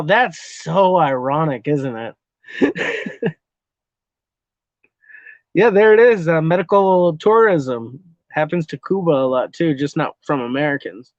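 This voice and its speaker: A man from Texas with a fairly high voice talks loosely to his stream chat, swearing freely and breaking into laughs as he rambles from one comment to the next. The sound is dull and lo-fi, dry and close with no room around it. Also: animated, slow pace, pauses often, no echo. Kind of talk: casual live-stream chat.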